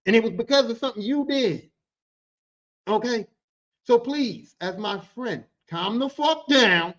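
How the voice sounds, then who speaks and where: A man telling a workplace story in casual, profane talk, acting out the voices of the people in it. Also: high voice. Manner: profane, animated, acts out quoted people. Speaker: podcast host telling a story. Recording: dull lo-fi sound.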